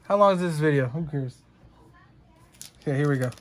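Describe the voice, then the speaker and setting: A young guy streams himself unboxing trading cards, rambling, joking around with chat, and swearing plenty. His voice sits a little high and he talks fairly quickly.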